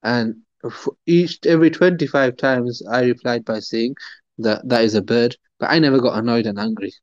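Guy doing a gentle old dad, calm and patient, dull dry sound. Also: medium pitch, normal speed, no room sound, natural voice. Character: elderly father, patient and gentle.

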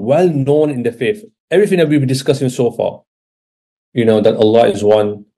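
A man's voice: medium pitch, warm tone. A man giving an informal religious lecture, talking conversationally and often checking in with his listeners. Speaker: Islamic religious teacher. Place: Britain.

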